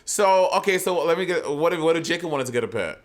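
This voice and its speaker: A man's voice: a little high, animated, fast talker. A man from Saint Lucia co-hosting a podcast, chatting casually, rambling through stories and laughing readily. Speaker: podcast co-host. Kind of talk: casual chat.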